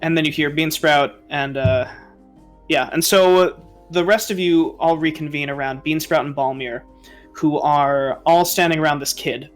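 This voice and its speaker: A man running a tabletop game as dungeon master, narrating in a halting way with many fillers. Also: on the high side, steady tone, soft background music.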